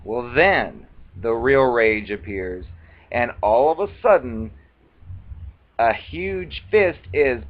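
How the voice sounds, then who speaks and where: A video blogger with a medium-pitched voice, speaking slowly, tells a personal story in a casual monologue. He animatedly acts out other people's lines with dramatic flair. The recording is dull and lo-fi.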